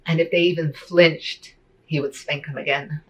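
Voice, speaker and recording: A woman telling her personal testimony in a soft, hesitant way, with many fillers. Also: deep voice, steady tone, normal speed, poor audio.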